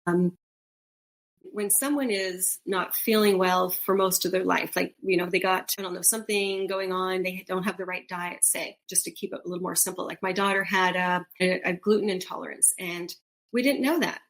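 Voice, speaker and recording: A woman's voice: on the low side, moderate pace, creaky. A middle-aged woman co-hosting a podcast, chatting casually and acting out quoted voices as she tells stories. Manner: animated storytelling, acts out quoted voices with laughs. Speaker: podcast co-host. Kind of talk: casual conversational podcast chat.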